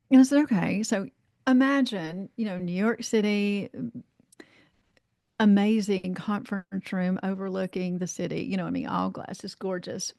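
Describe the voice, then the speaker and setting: A life coach from North Carolina, guesting on a podcast, tells a lively anecdote in casual storytelling style. She acts out the voices of people in her story, leans on "you know," and swears easily, speaking at a middle pitch and normal speed. The sound is close and dry with no room echo.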